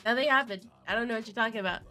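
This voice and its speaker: A young woman streaming live, chatting casually to viewers, giggly and excitable, with a cold and chewing cough drops. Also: fairly high pitch, rapid-fire. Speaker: VTuber streamer.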